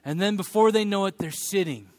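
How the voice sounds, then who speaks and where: A man in his thirties preaching a sermon, animated and humorous, acting out quoted voices of his children and others. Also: sits high, brisk. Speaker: pastor.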